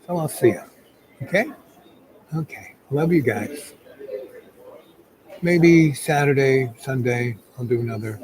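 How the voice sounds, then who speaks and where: A man's voice: mid-range voice, slow pace, pauses often, a crowd in the background, low-quality recording. A man hosting a live chat who tells a rambling personal story in a loose, chatty way full of fillers.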